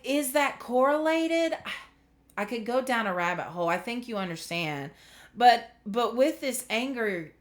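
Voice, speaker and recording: A woman with a mid-range, slightly bright voice gives a casual spiritual tarot reading. She is chatty and earnest, trails off into filler words, and grows emotional as she talks.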